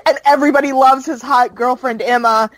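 Higher-voiced woman recapping a show, dry mic. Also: fairly even intonation, a little fast, dry recording, poor audio. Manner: rambling recap with fillers, laughs easily. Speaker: podcast co-host recapping a show. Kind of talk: casual chat.

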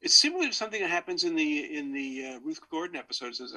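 Guy with a real bright sharp voice, kinda high, stumbles on words. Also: animated, rapid-fire, hardly any pauses, poor audio. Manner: stuttering, laughs easily. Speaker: panelist. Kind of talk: casual chat.

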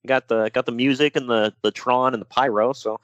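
A man co-hosting a casual podcast chat, animated and jokey, slipping into mock voices. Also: mid-range voice, a little fast, no room sound, lo-fi sound. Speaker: podcast co-host.

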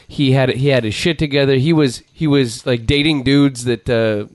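A middle-aged man telling animated, profane stories in casual chat. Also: normal speed, no echo. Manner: animated, profane storyteller, rises in pitch when riled.

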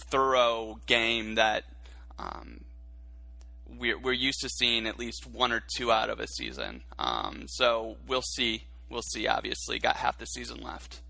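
A man co-hosting a sports podcast, talking in a measured, reflective way on a close mic. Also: mid-range voice, creaky, bright, forceful tone, no echo. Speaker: podcast co-host. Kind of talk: casual sports chat.

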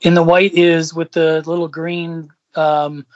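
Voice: mid-range voice, level tone, slow, muffled recording. A co-host in a casual comics chat, recalling issue details precisely. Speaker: podcast co-host. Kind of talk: casual comic-book discussion.

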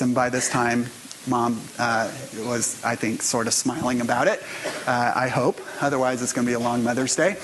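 A man's voice: medium pitch, a bit bright, slight background noise, low-quality recording. A man pastor giving a sermon in a conversational storytelling way, speaking straight to his congregation.

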